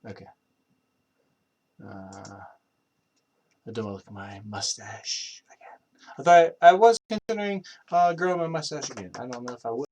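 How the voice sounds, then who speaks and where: A man's voice: medium pitch, lively intonation, moderate pace, long pauses, a little mellow. A young man on a live stream who rambles casually, with many fillers and restarts. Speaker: streamer practicing accents.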